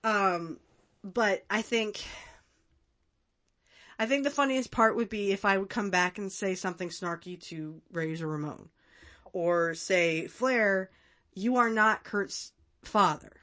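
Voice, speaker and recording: A woman's voice: medium pitch, measured pace, pauses often, a bit bright. A woman in her thirties hosting a casual podcast, chatting with lots of fillers and frequent laughs. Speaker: podcast host. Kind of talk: casual commentary.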